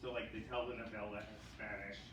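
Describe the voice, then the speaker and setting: A man's voice: on the low side, flat delivery, fast talker. A man with a New York accent doing a chatty open-mic stand-up set, acting out other people's lines. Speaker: stand-up comic. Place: small comedy club. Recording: echoey club heard from a distance, loud room noise.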